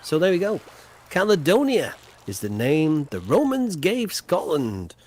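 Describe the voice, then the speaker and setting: A man's voice: a little high, huge pitch swings, a little slow, a little mellow. A man hosting a quiz on a casual game livestream, teasing the players and announcing the winners with mock-grand flourishes.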